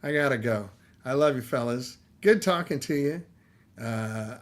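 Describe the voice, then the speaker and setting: A man's voice: mid-range voice, unhurried. A tired middle-aged man hosting a live stream, chatting casually in a rambling, easygoing way that trails off and restarts. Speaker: livestream host.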